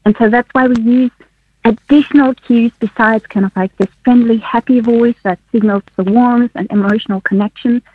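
Woman guest, husky and fairly high, tinny phone line, laughs through explanations. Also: steady tone, moderate pace. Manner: laughs often while explaining. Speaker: guest researcher. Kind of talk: explaining research on radio. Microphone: phone call.

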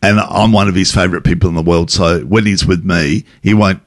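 A man chatting on radio, halting and stammering. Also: low voice, steady tone. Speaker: radio co-host guest. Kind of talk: casual radio chat.

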